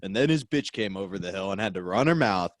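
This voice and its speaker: A man's voice: deep voice, animated, fast talker, no room sound, studio quality. Laid-back wry co-host, man. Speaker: podcast co-host. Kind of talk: casual comedic chat.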